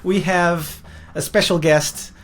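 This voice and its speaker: A man's voice: high-pitched, steady tone, slow pace, a bit bright. A man with a Portuguese accent hosting a podcast interview in a playful, laughing, casual chat, often repeating himself. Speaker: podcast host. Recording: faint background noise.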